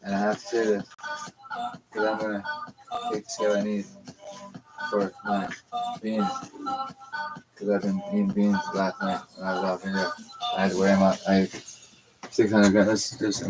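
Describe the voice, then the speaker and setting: A man's voice: on the low side, completely flat delivery, normal speed, long pauses, music in the background, low-quality recording. A man in his thirties giving a rambling, profane, confrontational monologue on a live stream. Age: 30s.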